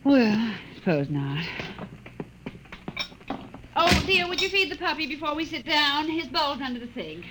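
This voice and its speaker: An actress playing a gentle middle-aged mother who speaks in a soothing, fretful way, in 1940s radio-play style. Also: high voice, very animated, measured pace, long pauses, background noise.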